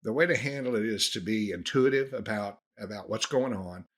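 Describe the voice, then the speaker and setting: A dentist hosting a podcast delivers a casual, earnest monologue on practice management in a lowish, fairly quick voice. He restarts his sentences often.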